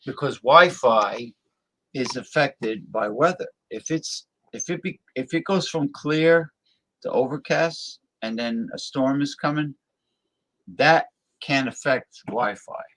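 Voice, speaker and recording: A man's voice: mid-range voice, slow, a bit bright. A man talking casually from his home desktop, rambling with many restarts. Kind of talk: casual chat. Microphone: desktop computer mic.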